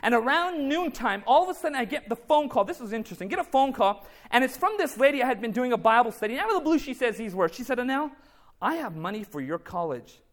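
A man's voice: very high voice, sing-song, quick pace. A man preaching a testimony sermon, telling his story through reported dialogue and calling out to the congregation. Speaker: speaker giving a faith testimony.

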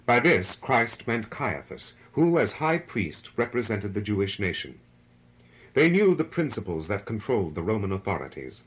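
A man's voice: lowish voice, very animated, normal speed, low-quality recording. A man giving a solemn, dramatic reading of a devotional narrative, rising in force for the crowd's cries. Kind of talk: scripted narration of a devotional book.

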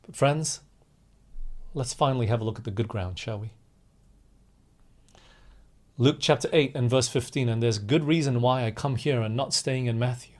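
A man's voice: medium pitch, normal speed, long pauses, darkish tone. A man preaching a sermon with impassioned, rising and falling emphasis, addressing his listeners as friends.

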